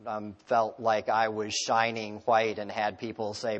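A male pastor preaching a sermon. He tells stories and asks the congregation rhetorical questions, moving between loud emphasis and hushed, quiet phrases. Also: lowish voice, monotone, unhurried, long reverb tail, muffled recording.

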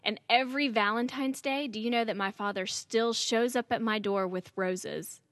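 An earnest woman from Alabama talks as an interview guest in a fairly high voice, animated and sincere. Her sound is dry and close, with no room echo. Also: moderate pace. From Alabama, US South. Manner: earnest, animated, often says "let me tell you". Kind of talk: interview conversation.

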